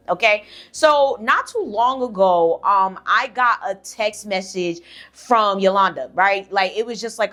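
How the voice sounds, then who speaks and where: A woman's voice: medium pitch, a little fast, fairly bright tone. Young woman vlogger, blunt and profane, sassy storyteller in casual chat.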